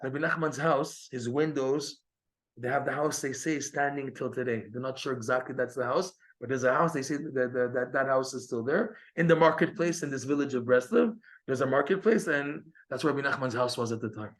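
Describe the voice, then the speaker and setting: Animated male Torah teacher telling stories. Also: fairly quick. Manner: animated, acts out quoted dialogue with raised pitch. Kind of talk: storytelling lecture.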